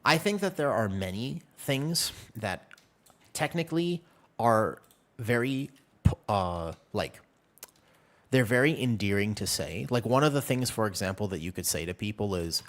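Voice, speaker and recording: A young man streaming a video game, joking and chatting with his viewers in a casual, animated way. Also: lowish voice, measured pace. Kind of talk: casual gaming stream chat.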